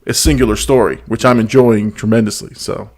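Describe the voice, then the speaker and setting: A man's voice: fairly low pitch, fairly even intonation, fairly quick, darkish tone. A middle-aged man hosts a laid-back pop culture show. He talks casually and hesitantly, with frequent restarts and small laughs between thoughts. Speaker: podcast host.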